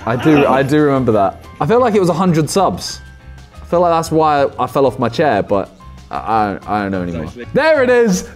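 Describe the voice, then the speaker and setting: A man's voice: medium pitch, a little mellow. A young man, reacting to fan posts in casual commentary, teasing and self-mocking.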